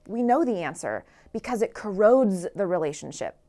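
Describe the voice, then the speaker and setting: A woman's voice: mid-range voice, big pitch swings, moderate pace, dark tone. A woman author giving an earnest motivational talk, asking the listeners rhetorical questions. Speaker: author and speaker.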